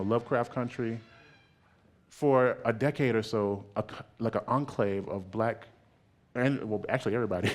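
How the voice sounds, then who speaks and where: Guy giving an artist talk, animated, laughs a lot, keeps saying right?. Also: on the low side.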